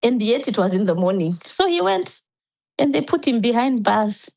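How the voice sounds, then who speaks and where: A woman's voice: a little high, sing-song, moderate pace, vocal fry, darkish tone, poor audio. Earnest woman telling her own story. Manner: earnest, recounts events step by step with restarts. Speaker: podcast guest. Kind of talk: personal storytelling.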